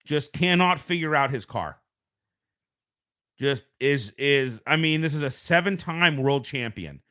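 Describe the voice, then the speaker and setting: A man's voice: on the high side, animated, measured pace, sharp tone. A man from the United States hosting a casual live stream from home, rambling and correcting himself as he talks. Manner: rambling, self-correcting, conversational. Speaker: show host. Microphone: home streaming microphone.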